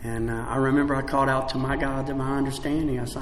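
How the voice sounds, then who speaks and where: A man sharing his recovery story at a convention, swinging between shouting and quiet, broken confession, with many "man" and "like" fillers. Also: mid-range voice, level tone, fast talker, few pauses, background noise. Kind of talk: recovery meeting share. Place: large convention hall. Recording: echoey convention hall with long reverb.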